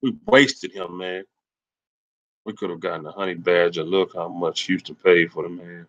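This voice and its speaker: A man hosting a sports livestream, ranting angrily and cursing, swinging between loud rants and low mutters. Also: steady tone, moderate pace, muffled recording. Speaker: sports channel host. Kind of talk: profane livestream sports rant.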